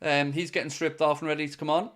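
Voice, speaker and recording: A man's voice: on the high side, flat delivery, quick pace, a bit bright. A man hosting a live football watchalong, mixing play-by-play with joking chat to his viewers. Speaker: host.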